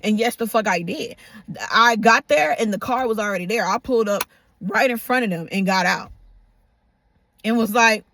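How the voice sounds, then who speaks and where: A young woman in her twenties telling a storytime tale in a casual, profane, animated way, acting out her own outbursts. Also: mid-range voice, a little fast, no room sound.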